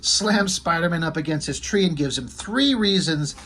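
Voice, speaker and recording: A man's voice: fairly high pitch, expressive, moderate pace, a bit bright, husky. A man casually talking through a comic book page by page, rambling and enthusiastic with offhand asides. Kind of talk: casual video commentary.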